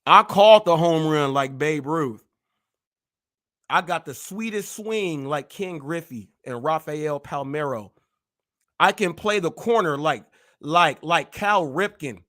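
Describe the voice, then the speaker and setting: A man hosting a live stream, boasting and trash-talking in rapid-fire wordplay. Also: on the high side, fairly bright tone. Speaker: host.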